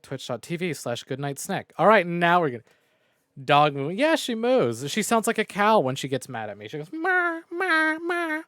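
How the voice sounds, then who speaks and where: Brief: foul-mouthed, self-mocking male streamer, lively pitch, dry close mic. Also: normal speed, no room sound. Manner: profane, rambling and self-mocking. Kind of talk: casual game stream recap. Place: home room. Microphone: new desk microphone.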